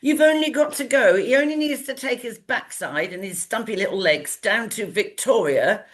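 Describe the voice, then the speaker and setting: A woman co-hosting a political chat, blunt and dismissive, with quick asides. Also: fairly high pitch, lively intonation. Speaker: political commentary show co-host. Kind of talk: casual opinionated chat.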